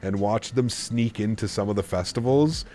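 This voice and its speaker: A man's voice: lowish voice, normal speed, dark tone. A man chatting casually on a live stream, rambling and reading viewer messages aloud. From Canada. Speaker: flight sim streamer.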